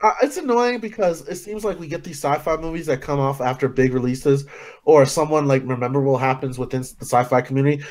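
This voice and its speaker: Quick, joking young man. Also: mid-range voice, a little mellow. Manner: joking, laughs hard, casual slang. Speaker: co-host. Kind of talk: casual podcast chat.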